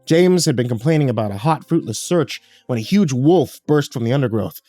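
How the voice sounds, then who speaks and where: A man's voice: medium pitch, lively intonation, a little fast, mellow, dry recording, soft background music. A man reading a horror story aloud in a dramatic storytelling manner. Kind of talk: scripted horror narration.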